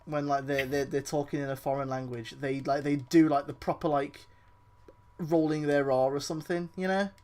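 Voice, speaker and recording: A man's voice: on the high side, flat delivery, moderate pace, darkish tone. A young man gaming and bantering over voice chat, sarcastic and teasing, swearing often. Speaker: gamer streaming play.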